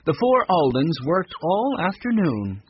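A man narrating a children's book aloud with expressive storytelling. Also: high voice, unhurried, muffled recording, a little hiss or hum. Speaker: audiobook narrator. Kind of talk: children's audiobook reading.

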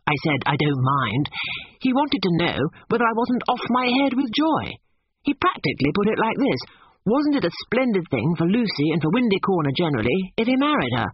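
A man's voice: high-pitched, sing-song, normal speed, muffled recording, slight background noise, pitched above the performer's own voice. A man reading an audiobook, voicing a sulky, blunt young man who grumbles at his mother.

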